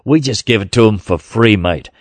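A man's voice: on the low side, moderate pace, dry recording. A man hosting a gospel podcast, talking bluntly and combatively and laughing often. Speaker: podcast host. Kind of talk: casual podcast chat.

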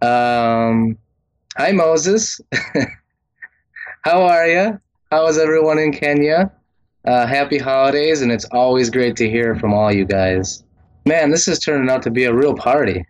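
Friendly caller from Wisconsin. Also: male voice, mid-range voice, measured pace, dull audio. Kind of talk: casual phone chat.

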